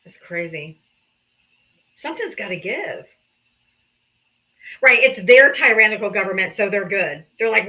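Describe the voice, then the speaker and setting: A woman, a mother, hosting a live political talk stream in casual, animated chat, swearing freely. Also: medium pitch, a little slow, long pauses, low-quality recording. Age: adult mother. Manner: animated, swears freely, slips into comic voices.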